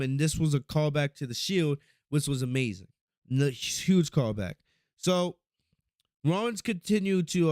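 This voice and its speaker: Podcast host, male, fairly high voice, dry close sound; excitable, swears a lot, rambles and restarts. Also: clear, resonant tone, no echo. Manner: excitable, profane, rambling recap with frequent restarts. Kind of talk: casual wrestling review podcast.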